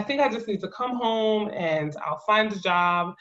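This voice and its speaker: A woman in her thirties from New Jersey, a guest in an interview, telling her story in a lively way with laughs and acted-out quotes. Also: fairly low pitch, unhurried. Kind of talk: conversational interview. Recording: muffled lo-fi audio.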